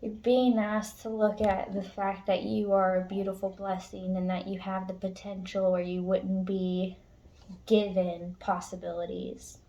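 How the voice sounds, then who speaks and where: A woman with a low, gravelly, mellow voice talks straight to her viewers as a tarot reader. Her delivery is casual and heartfelt, blunt and earnest, with the odd swear word. Her pitch stays flat and even. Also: unhurried, dull audio. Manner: frank, emotional, swears casually. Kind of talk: casual spiritual pep talk to viewers.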